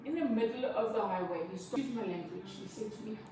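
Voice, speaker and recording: A woman's voice: medium pitch, quick pace, distant mic, noisy background. A woman candidly telling a personal story in conversation, now and then apologizing for her swearing. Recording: roomy sound with music behind.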